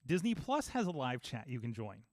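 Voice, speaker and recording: A man in casual podcast chat, telling an animated story and acting out both sides of phone calls. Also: mid-range voice, a little fast, no echo. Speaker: podcast host.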